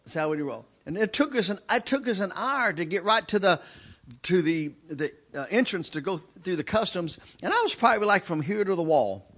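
A man preaching a sermon in a church, telling stories with animated delivery. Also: sits high, a little fast. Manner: animated, acts out shouting in stories. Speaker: guest preacher. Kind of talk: sermon with storytelling. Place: church sanctuary.

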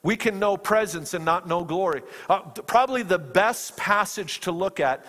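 A man's voice: expressive, moderate pace, fairly bright tone. A man preaching a sermon with passion, his voice climbing as he voices fervent prayers and often repeating his words. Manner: impassioned, rises in pitch when quoting prayers, repeats words. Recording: long reverb of a large hall.

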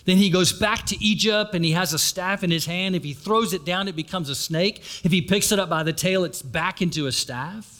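A man's voice: high-pitched, fairly quick, few pauses, fairly bright tone. A man preaching a sermon, retelling a story and turning to the congregation with asides. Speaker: pastor.

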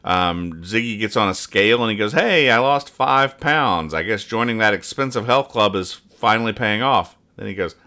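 A man's voice: on the low side, a little fast, hardly any pauses, pushed and bright. A man hosting a comedy podcast, reading comic strips aloud and joking, trailing off and putting on silly voices. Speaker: podcast host.

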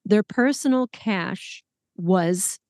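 A woman hosting a podcast, telling stories in an animated, exclaiming way. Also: medium pitch, extremely slow, no room sound, studio quality. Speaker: podcast host, former group leader. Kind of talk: casual podcast conversation.

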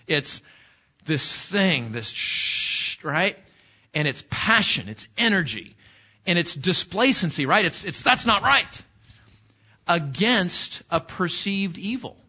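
A middle-aged man teaches a Sunday Bible class in a bright, forceful voice pitched a little high. He talks in an animated way, repeats words as he goes and keeps asking the class questions. The recording is dull and lo-fi.

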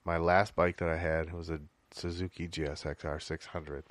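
A man's voice: low voice, flat delivery, normal speed, no room sound. A man co-hosting a casual podcast, telling stories in a laid-back way and swearing often. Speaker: podcast co-host.

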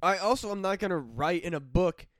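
A man's voice: high-pitched, lively intonation, brisk, a bit bright, no echo, clean studio sound. A young man, a guest on a podcast, telling personal stories in casual, profane chat. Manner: profane, storytelling with laughs and fillers. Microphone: studio mic.

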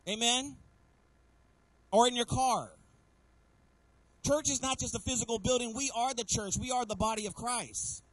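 A man with a notably high voice preaches to his church congregation. He keeps calling out for an amen and slips into the voices of the people he quotes as he tells the story. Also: normal speed, long pauses, fairly bright tone, no room sound, poor audio. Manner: preaching with call-and-response asks to the congregation; acts out quoted voices within the sermon. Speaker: pastor. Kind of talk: sermon. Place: church sanctuary.

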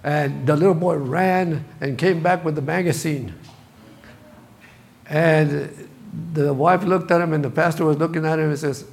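A man's voice: a little high, fairly even intonation, a little slow, vocal fry. A middle-aged man, the senior pastor, preaching a sermon in a church, building to bursts of emphasis with touches of humor. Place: church sanctuary.

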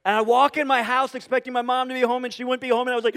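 A man preaching a sermon in an animated, humorous, conversational way, full of rhetorical questions to his congregation. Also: very high voice, very fast, hardly any pauses. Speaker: pastor. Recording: long hall reverb.

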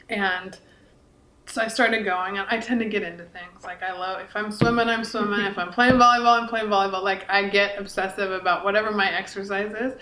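A chatty, earnest woman in her forties, a podcast co-host and author, talks casually with lots of likes and restarts. Her mid-range voice is bright and forceful, with a steady tone and a fairly quick pace. The room sounds echoey.

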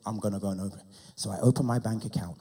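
A young adult man preaching, telling a personal testimony in an animated way that builds to loud, impassioned preaching. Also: fairly low pitch, rapid-fire, slightly rough.

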